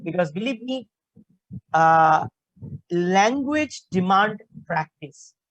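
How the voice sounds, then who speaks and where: A woman from India with a Bengali-tinged Indian English accent, giving an online class as a communication skills trainer over a video call, talking haltingly with many fillers. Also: lowish voice, lively intonation, no room sound, lo-fi sound.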